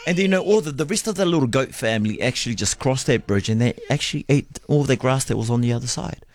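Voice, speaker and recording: Animated man telling a story. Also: medium pitch, quick pace, slight background noise. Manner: animated storyteller, laughs often. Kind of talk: casual storytelling chat.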